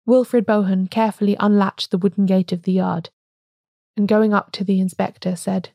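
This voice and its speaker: A woman podcast host reading a story in measured, scripted narration. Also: medium pitch, little pitch movement, vocal fry, warm tone, no room sound, studio quality.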